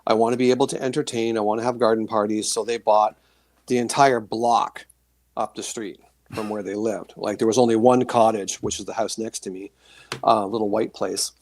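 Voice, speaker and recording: A man's voice: on the low side, a little fast. A middle-aged man, a guest author, telling rambling paranormal stories in casual chat, acting out the reactions of the people in them. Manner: rambling, animated storytelling with acted-out reactions. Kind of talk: casual storytelling on a podcast.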